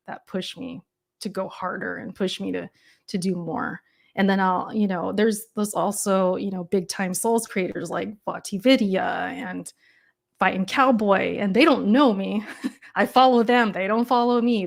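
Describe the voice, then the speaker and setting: A woman with a calm, soft-spoken voice chats thoughtfully as a guest on a video call. She laughs often and restarts her sentences as she talks things through, keeping a relaxed, even delivery throughout. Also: mid-range voice, gravelly. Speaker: guest gamer and YouTuber. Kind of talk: casual interview chat.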